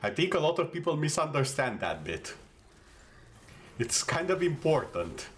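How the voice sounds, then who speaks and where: Relaxed joking male game streamer. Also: a little high, normal speed, a little hiss or hum. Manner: relaxed, rambling, jokey asides to chat. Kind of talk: casual gameplay commentary.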